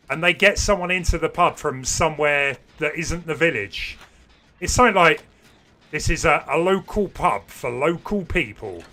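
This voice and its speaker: A man's voice: on the high side, bright, forceful tone. A man livestreaming a video game, chatting casually and rambling to his viewers. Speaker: gaming livestreamer. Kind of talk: casual chat while streaming a game.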